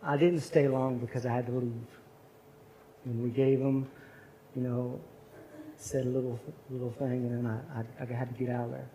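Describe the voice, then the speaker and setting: A man's voice: medium pitch, little pitch movement, moderate pace, pauses often, warm tone, slight background noise. Earnest man telling a story in chapel. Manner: conversational, earnest anecdotes. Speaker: chapel speaker. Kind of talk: storytelling sermon.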